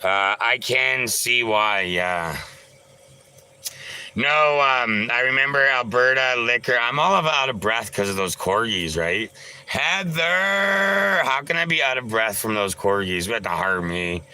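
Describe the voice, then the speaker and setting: A man's voice: mid-range voice, animated, unhurried, pushed and bright, clean tone, rough recording. A man chatting casually on a live stream, answering viewers in a loose, rambling way with lots of filler sounds and some swearing. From Canada. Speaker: livestreamer.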